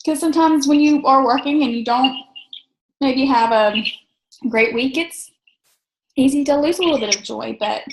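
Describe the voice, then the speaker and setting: A woman with a high voice hosts a casual team video call. She is chatty and upbeat, with plenty of fillers. The sound is roomy and echoey. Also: normal speed, long pauses. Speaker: team coach leading a call.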